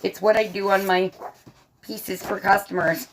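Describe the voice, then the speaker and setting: A woman's voice: medium pitch, steady tone, measured pace, slight background noise. A woman with a faint Southern American accent, chatting casually to her livestream audience from bed while she colors, laughing often and answering the chat. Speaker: livestream host and artist. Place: bedroom, propped up in bed.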